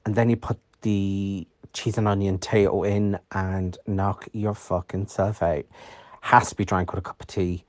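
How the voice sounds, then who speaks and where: An Irish man leaving a voice message, his voice fairly low and sounding close and dry. He talks in a chatty, mock-outraged way and swears freely. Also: little pitch movement, measured pace, a little mellow, no echo. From Ireland.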